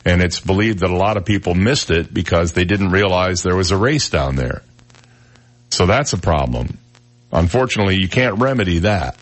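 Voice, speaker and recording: A man's voice: low-pitched, lively intonation, moderate pace. A man hosting a talk radio show, chatting casually and reading news stories with wry, joking asides.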